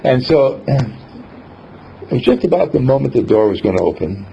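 A man giving a motivational talk, telling a story in an animated way and acting out the scenes. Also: medium pitch, measured pace, gravelly. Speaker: speaker. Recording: dull lo-fi recording, faint hiss.

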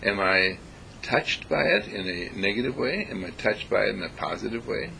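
A man giving a reflective spiritual talk, deliberate and emphatic, repeating phrases to stress them. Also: on the low side, very animated, vocal fry, sharp tone, a little hiss or hum, poor audio. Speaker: spiritual speaker.

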